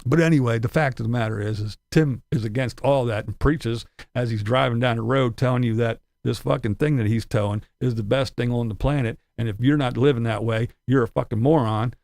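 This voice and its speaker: A man's voice: mid-range voice, brisk, creaky, few pauses, a little mellow, dry recording, clean studio sound. A man ranting in profane, sarcastic commentary, laughing between his jabs. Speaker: commentary channel host.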